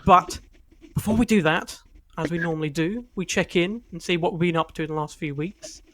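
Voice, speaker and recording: Bloke hosting a podcast, kinda high voice, laid back, laughs easy. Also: male voice, fairly quick, a bit bright. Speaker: podcast co-host. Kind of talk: casual chat.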